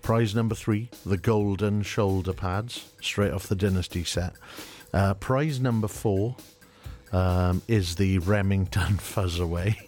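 Middle-aged male radio DJ, very deep voice, chatty and jokey, faint music bed. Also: steady tone, slow, darkish tone. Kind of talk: casual radio chat and quiz. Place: radio studio.

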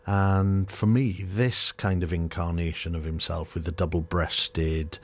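A man's voice: deep voice, little pitch movement, measured pace. A middle-aged man, hosting a radio show in a studio, chatting casually and running a quiz in a jokey, chuckling manner.

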